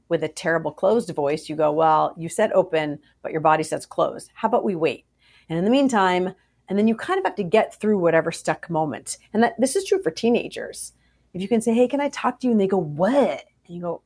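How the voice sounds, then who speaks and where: A woman psychologist answering interview questions about parenting, animated and acting out the voices of parents and kids. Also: mid-range voice, a little fast. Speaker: child psychologist guest.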